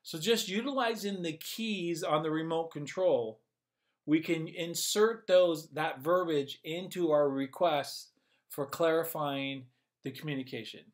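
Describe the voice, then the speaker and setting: A man's voice: fairly high pitch, measured pace. A man as a communication coach, explaining in an upbeat, conversational way and thinking aloud as he goes. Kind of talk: casual instructional video.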